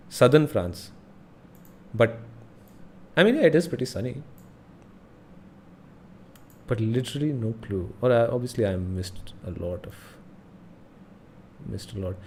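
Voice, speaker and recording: A man's voice: lowish voice, dark tone. A man hosting a casual gaming livestream, thinking aloud and muttering as he reads signs under his breath. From India. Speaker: livestream host.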